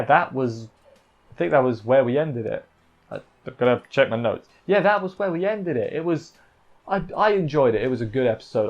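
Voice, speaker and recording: A man's voice: mid-range voice, a little mellow. A man giving a casual, rambling recap of an anime episode, correcting himself and making playful asides. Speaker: anime reviewer.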